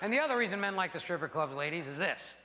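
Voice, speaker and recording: A man doing a stand-up routine, animated and crude, acting out voices for his punchlines on a live stage. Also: sits high, quick pace. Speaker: stand-up comedian. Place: theater stage before a laughing audience. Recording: live stage with long reverb and loud noise.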